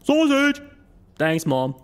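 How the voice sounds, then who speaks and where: A male game streamer who is not a native English speaker. His voice sits high and swings wildly as he exclaims his way through a game. His commentary comes out excitable and loud. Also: slow, clean tone.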